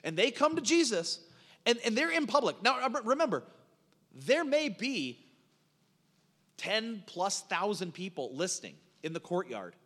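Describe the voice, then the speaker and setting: A middle-aged man preaching a sermon as a pastor, telling stories in an animated way with frequent restarts. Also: sits high, a little slow. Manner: animated storytelling with repeated restarts. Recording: long reverb of a large hall.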